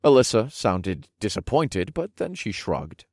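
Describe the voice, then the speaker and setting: A man narrating a first-person audiobook story in a slow, deliberate way. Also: lowish voice, big pitch swings, darkish tone, dry recording, studio quality.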